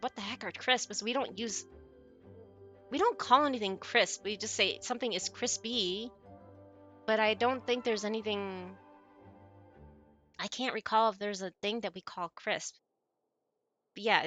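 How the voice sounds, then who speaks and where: Bright, giggly woman streamer. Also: fairly high pitch, no room sound. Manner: giggly, chatty, answers chat messages. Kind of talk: casual chat with viewers while gaming.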